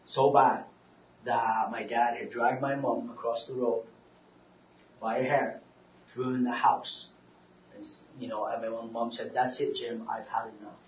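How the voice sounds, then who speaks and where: A man's voice: medium pitch, little pitch movement, slight background noise. Man preaching in an echoey hall. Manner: halting, repeats words, swings from loud urging to quiet. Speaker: speaker on depression, preacher. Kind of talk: sermon with personal testimony. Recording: roomy, distant, dull-sounding hall recording.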